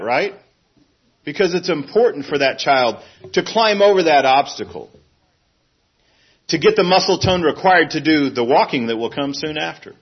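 A middle-aged man preaching a sermon in a plain, earnest way, now and then acting out a fussing parent in a sudden high voice. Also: husky, dull audio.

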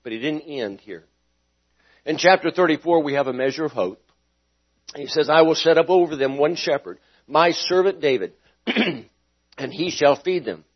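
Pastor, male, fairly high voice, dynamic sermon delivery with sudden loud and quiet turns, questions the room; dull lo-fi recording. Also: normal speed, pauses often. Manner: dynamic preaching with sharp rises and drops in volume; asks the congregation questions. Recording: dull lo-fi sound.

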